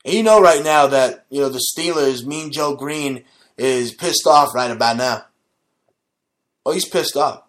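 A man's voice: mid-range voice, a little slow. A man hosting his own show, delivering a combative, profane, mocking rant. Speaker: show host. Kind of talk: ranting monologue.

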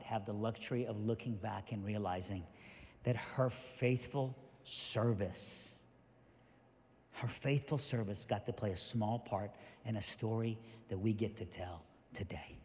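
A male pastor preaching a sermon with animated, emphatic storytelling, recorded in a reverberant church hall. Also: fairly low pitch.

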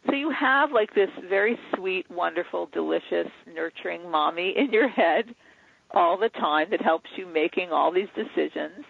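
A man's voice: high-pitched, moderate pace, vocal fry, slightly rough, no room sound. A man being interviewed as an author, explaining in an earnest, teaching way over a phone line. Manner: earnest, teaching, acts out inner dialogues. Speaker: author and guest. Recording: dry tinny phone line.

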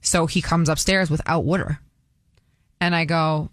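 A woman's voice: low-pitched, steady tone, measured pace, no room sound. Chatty woman radio host, dry sound. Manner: chatty, laughs while telling stories. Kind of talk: casual radio call-in chat.

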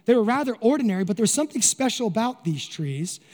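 Pastor, male, very high voice, animated sermon delivery with rhetorical questions; long church-hall reverb. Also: quick pace. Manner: animated preaching, acts out crowd voices and asks rhetorical questions.

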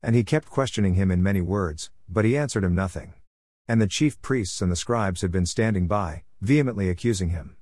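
Fields: Sex: man. Style: dry, low-voiced scripture reading. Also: a little mellow, no echo. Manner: plain, measured reading in short phrases. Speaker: scripture reader.

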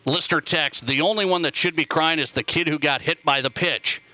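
A man's voice: a little high, fairly quick, pushed and bright, dry recording. A man from Montana hosting a sports radio show, talking emphatically, repeating himself and reading listener texts aloud into a studio microphone. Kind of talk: casual call-in radio talk.

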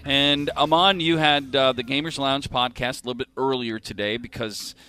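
A male sports radio host with an easygoing, chatty manner. He keeps things moving with quick questions to his guests, and a faint music bed sits beneath his voice. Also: mid-range voice, fairly even intonation, sharp tone.

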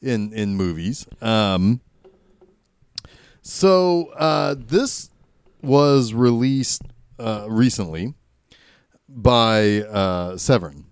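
A man's voice: on the low side, animated, very slow, long pauses, clear, resonant tone, no room sound, studio quality. A man co-hosting a casual film podcast. He talks hesitantly, with many fillers and repeated words. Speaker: podcast co-host. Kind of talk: casual horror film discussion.

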